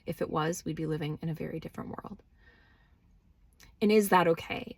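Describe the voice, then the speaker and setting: A woman's voice: on the low side, husky, no echo. A woman talking casually to camera from inside her car with no external microphone, blunt and swearing freely as she questions herself. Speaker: spiritual vlogger. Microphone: no external microphone, phone or camera.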